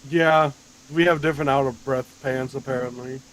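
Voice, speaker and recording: A man's voice: medium pitch, fairly even intonation, moderate pace, fairly bright tone, poor audio. A man joining a live stream as a guest, chiming in with casual, teasing commentary. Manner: teasing, playful.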